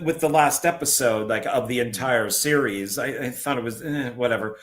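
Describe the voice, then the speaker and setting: A man's voice: medium pitch, normal speed, a bit bright. A man co-hosting a casual stream, giving short laid-back replies and jokes. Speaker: co-host. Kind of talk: casual chat.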